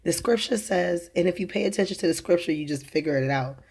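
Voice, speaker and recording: A woman's voice: fairly low pitch, quick pace, vocal fry, darkish tone, slightly rough. A young woman talking casually about faith and her children's dreams, rambling with many fillers and restarts and laughing at her own jokes. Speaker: religious vlogger. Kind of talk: casual preaching monologue.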